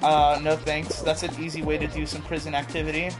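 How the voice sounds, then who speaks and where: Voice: medium pitch, monotone, brisk. A game streamer chatting casually and teasingly with friends while playing, laughing often, with game music in the background.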